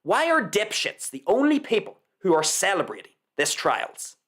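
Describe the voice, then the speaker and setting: A man's voice: sits high, huge pitch swings, moderate pace, fairly bright tone. A man hosting a live show, reading a news article aloud with sarcastic, mock-reverent commentary and repeating lines for effect. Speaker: host.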